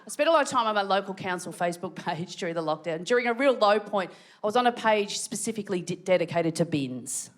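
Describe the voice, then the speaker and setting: Speaking fast in an expressive mid-range voice, a female Australian comic tells stories in her stand-up set, now and then shrieking acted-out quotes. She is on a large theatre stage, with audience laughter in the background.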